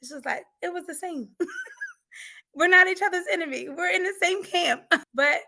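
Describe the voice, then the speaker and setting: A woman's voice: very high voice, huge pitch swings, unhurried, vocal fry, pushed and bright, slight background noise. A woman speaking as an interview guest and coach, giving an emotional personal testimony in an earnest, emphatic way that often breaks into laughter.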